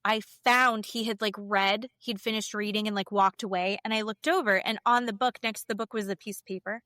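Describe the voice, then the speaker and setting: A woman's voice: medium pitch, fairly even intonation, fairly quick, bright, forceful tone, dry recording, clean studio sound. A middle-aged woman co-hosting a podcast, chatting casually and saying "like" a lot. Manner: chatty, uses "like" often. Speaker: podcast co-host. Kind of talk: casual chat.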